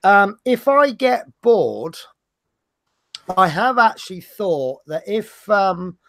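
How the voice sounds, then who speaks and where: A man's voice: high-pitched, sing-song, takes it slowly, fairly bright tone, no echo. A man with a Norfolk accent hosting a livestream, chatting casually and rambling with self-mocking humor. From Norfolk, England. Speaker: livestream host.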